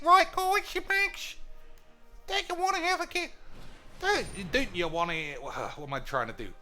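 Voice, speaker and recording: A man putting on a hammy Liverpool accent, loudly goading his viewers to play a game. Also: very high-pitched, voice pushed up, exaggerated voice. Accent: put-on Liverpool. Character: loud mock-Liverpool man cajoling viewers.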